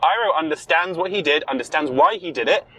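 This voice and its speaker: A young man co-hosting a podcast in casual chat, talking in an opinionated, emphatic way with quick rebuttals. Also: a little high, expressive, bright, forceful tone, poor audio. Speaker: podcast co-host.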